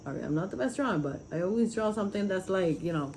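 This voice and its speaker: A woman's voice: mid-range voice, lively intonation, fast talker, a little mellow, a little hiss or hum, low-quality recording. A woman talking casually and earnestly, rambling with many fillers as she describes spiritual visions. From Puerto Rico. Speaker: vlogger sharing spiritual visions. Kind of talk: casual testimony.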